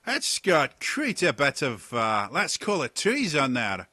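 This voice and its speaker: Guy doing a loud pushy pirate captain, pitched up high, bold and brash. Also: wildly swooping pitch, slow, dry recording, clean studio sound, heavily acted. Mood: boisterous. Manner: loud, blunt, teasing.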